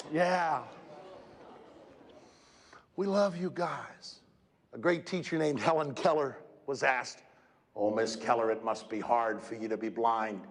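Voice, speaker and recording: Gravelly-voiced man addressing a student crowd. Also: fairly high pitch, normal speed. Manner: energetic, emphatic, addresses students directly. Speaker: motivational speaker. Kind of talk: school assembly speech. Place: school gym or auditorium. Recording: echoey hall, crowd noise. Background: student audience.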